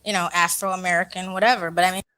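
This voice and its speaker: A woman's voice: on the low side, flat delivery, quick pace, pushed and bright, smooth. A woman guest speaking casually with fillers on an old talk show, heard from a distance in archive audio. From mixed English and Colombian parents.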